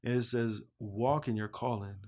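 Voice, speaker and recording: A young man from Canada telling his own life story in a casual, lively way, acting out the remembered dialogue. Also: moderate pace. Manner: animated storyteller who acts out both sides of remembered dialogue in a higher voice. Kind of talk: casual personal testimony.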